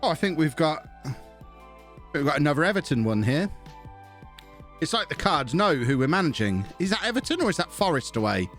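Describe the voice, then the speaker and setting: A man on a live stream, talking through a football management game in a loose, chatty way. He thinks out loud, mocks himself and keeps breaking off to thank subscribers. His voice sits a little high, with faint game music underneath. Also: very animated, brisk, pauses often. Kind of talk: casual live-stream commentary.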